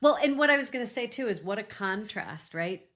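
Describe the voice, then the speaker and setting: A woman podcast host, responding warmly and reflecting back on her guest's story. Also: medium pitch, animated, fairly quick. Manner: warm, affirming listener. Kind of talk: interview conversation.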